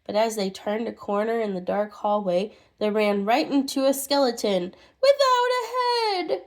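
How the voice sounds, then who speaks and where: A woman reading a children's storybook aloud in an expressive way, with small restarts. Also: medium pitch, moderate pace. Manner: expressive, with restarts and muttered asides.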